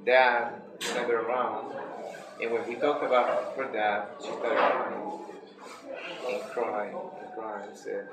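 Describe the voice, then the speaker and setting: A man's voice: lowish voice, little pitch movement, slow, over loud music. Man telling a story from afar. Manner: earnest, retells conversations in quoted dialogue. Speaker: speaker recounting a story. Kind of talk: personal storytelling. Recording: roomy, distant, loud ambient noise.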